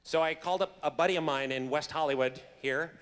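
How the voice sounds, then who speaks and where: A man's voice: on the high side, fast talker, smooth. A man telling a funny backstage story to a convention audience, laughing often and tripping over his words. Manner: animated, laughing, stumbling restarts. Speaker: convention guest actor. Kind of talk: casual on-stage storytelling. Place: convention hall stage. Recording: reverberant hall with faint crowd noise.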